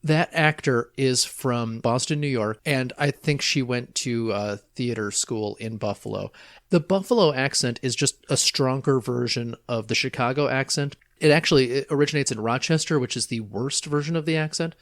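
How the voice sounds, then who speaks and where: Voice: medium pitch, normal speed, no echo. A podcast co-host chatting about movies, wry and full of local trivia and jokes. The voice is recorded dry and close, with no room sound. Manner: wry, trivia-heavy, joking. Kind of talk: casual chat about movies.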